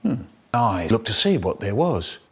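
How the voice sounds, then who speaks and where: A young man narrating an absurd, crude comic story in a deadpan way. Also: on the low side, unhurried, breathy edge. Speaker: comedy voiceover narrator.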